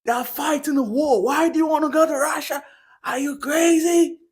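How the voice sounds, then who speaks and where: A man voicing his alarmed mother, who scolds her grown son in a shrill, incredulous tone. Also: fairly even intonation, normal speed.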